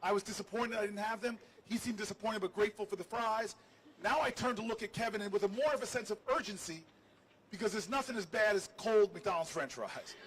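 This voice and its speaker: A man's voice: high voice, brisk, slight background noise, poor audio. A man, a politician hosting a livestream, tells a humorous, self-deprecating story to a crowd outdoors. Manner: animated, jokey, self-deprecating. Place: outdoors on building steps.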